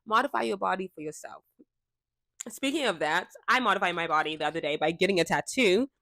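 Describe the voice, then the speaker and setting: A young woman talking casually and frankly to a fixed camera, chatty and quick to laugh. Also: fairly low pitch, bright, forceful tone, no room sound, studio quality. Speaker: vlogger. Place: indoors, seated before a fixed camera. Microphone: camera mic.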